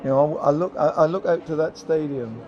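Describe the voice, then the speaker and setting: A man's voice: fairly high pitch, brisk, lo-fi sound, crowd noise. An older man, a former footballer, giving a heartfelt, emotional interview outdoors at a stadium, piling up phrases with many ums.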